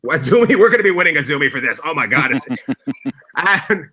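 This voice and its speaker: A man's voice: a little high, very animated, rapid-fire, sharp tone, slightly rough. A male host teasing his guests and swearing freely in a casual comedic chat over a video call.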